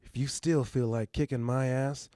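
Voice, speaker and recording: A man voicing a wily old biker who speaks calmly and with a slow drawl, close to his own voice. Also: medium pitch, no echo, close to an everyday voice. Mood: sly. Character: wily old male biker, calm and sly.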